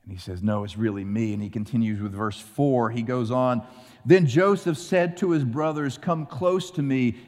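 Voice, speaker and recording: Man, pastor, sermon storytelling, animated acted-out voices, mid pitch, echoing hall. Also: normal speed.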